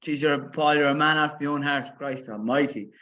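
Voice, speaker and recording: A man's voice: fairly high pitch, fairly quick, bright, forceful tone. A man hosting a podcast, talking in effusive, enthusiastic casual chat. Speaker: podcast host. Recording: dull lo-fi sound.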